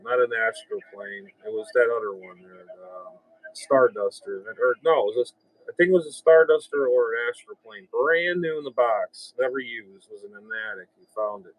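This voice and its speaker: A man of about fifty chats over the radio from home, rambling and grumbling in a blunt, offhand way. His voice sits at an ordinary middle pitch, and the close, dry sound carries no room around it. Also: animated, moderate pace, no room sound, low-quality recording. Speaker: radio operator and channel host. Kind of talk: casual radio chat.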